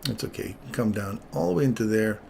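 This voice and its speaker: A man with a low, gravelly voice hosts a live trading stream. He teases his viewers and gets excited over his calls, and faint noise sits behind him. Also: a little fast. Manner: playful, teasing, excitable calls.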